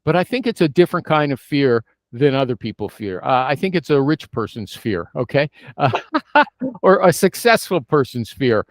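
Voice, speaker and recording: A man's voice: medium pitch, expressive, normal speed, no room sound. Host guy asking pointed stuff, keeps saying okay, dry close mic. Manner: probing, checks in with "okay?", playful teasing. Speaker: show host. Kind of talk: casual interview chat.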